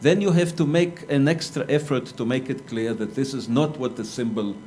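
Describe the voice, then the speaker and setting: Man giving a measured academic answer. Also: medium pitch, darkish tone, slight background noise. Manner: measured, argumentative, hesitant restarts. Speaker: academic panelist. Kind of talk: conference Q&A answer. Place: lecture hall.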